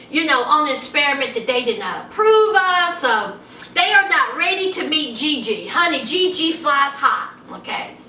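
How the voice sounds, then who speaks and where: Woman, high and lively, sassy show-recap vlogger; echoey room, off-mic. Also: recorded from a distance. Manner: animated gossiping, sassy asides to viewers. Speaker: TV show reviewer. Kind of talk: casual chatty recap. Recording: echoey room, a bit off-mic, faint hiss.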